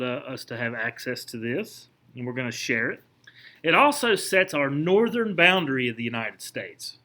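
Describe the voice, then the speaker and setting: A man's voice: mid-range voice, sharp tone. A man teaching a history class, lecturing conversationally and asking his students questions as he points things out. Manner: conversational, asks the class questions, frequent restarts.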